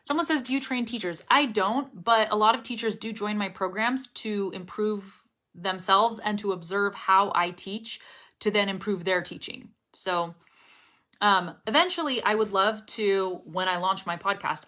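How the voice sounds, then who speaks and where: A woman's voice: mid-range voice, bright, forceful tone. A young woman teaching English pronunciation, chatting upbeat on a live stream while reading viewer comments aloud.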